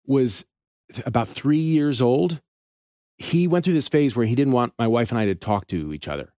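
A man's voice: medium pitch, sing-song, mellow, no room sound, studio quality. A man who is an actor, chatting as a talk show guest and telling stories with many restarts. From lives in New York. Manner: halting, self-interrupting storyteller. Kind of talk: casual chat.

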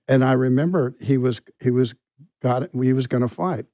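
A middle-aged man, a podcast guest, tells a personal story with many restarts and pauses. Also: medium pitch, no echo. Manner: halting, full of restarts and quiet asides. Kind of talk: conversational storytelling.

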